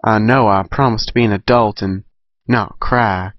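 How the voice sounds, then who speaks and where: A man's voice: fairly low pitch, steady tone, moderate pace, no echo, muffled recording, close to an everyday voice. A man voicing a stubborn young farm mare with a Southern US drawl. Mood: tearful.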